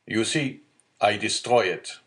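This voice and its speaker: A man's voice: fairly low pitch, takes it slowly, a bit bright. A man voicing a stern male deputy prosecutor in an audiobook, stiff and formal, giving orders. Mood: commanding.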